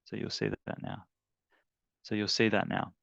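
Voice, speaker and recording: Gravelly, earnest male wellness teacher. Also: fairly low pitch, flat delivery, fairly bright tone, no echo, dull audio. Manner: halting, filler-heavy, earnest. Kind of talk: guided tapping demonstration.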